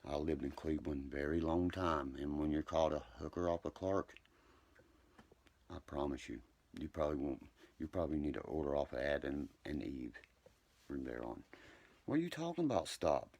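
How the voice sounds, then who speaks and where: A social media live streamer from West Virginia, he has a deep, rough, gravelly voice and rambles in live-stream chat, cursing and ranting in agitation before dropping into quiet apologies. His intonation is fairly even and his speed normal, with no room sound.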